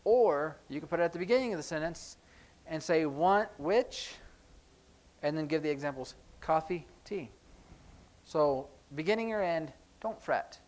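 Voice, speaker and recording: A man teaching a sign language class in a church classroom, explaining in a relaxed, conversational way with frequent ums. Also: on the high side, fairly quick. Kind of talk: classroom lesson.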